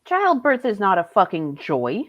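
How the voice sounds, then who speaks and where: A woman's voice: mid-range voice, wildly swooping pitch, measured pace, dry recording, muffled recording. A young woman streaming live, reacting in a blunt, profane and sarcastic way. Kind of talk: casual live-stream commentary.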